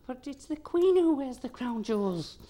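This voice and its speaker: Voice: high-pitched, very animated, normal speed, mellow, voice pushed up. A performer voicing a timid, dim servant in an amateur radio comedy. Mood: meek.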